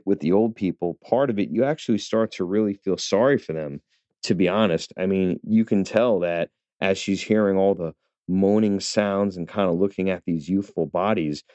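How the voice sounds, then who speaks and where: Man, casual film reviewer, chatty with fillers, low voice, lo-fi dry sound. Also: mellow, no room sound. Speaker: movie reviewer. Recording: dull, lo-fi dry recording.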